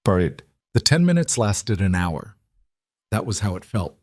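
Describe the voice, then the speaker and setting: Reading a thriller from a script, the male narrator keeps a steady, measured delivery in a voice that sits low. There's no room sound; the recording is dry and close-miked.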